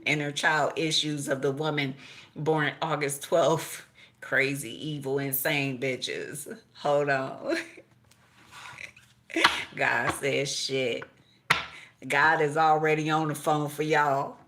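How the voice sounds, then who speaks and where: Woman, lowish voice, blunt profane tarot reader with laughing asides, faint hiss behind. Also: little pitch movement, slow, pauses often, fairly bright tone. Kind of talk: casual tarot reading monologue.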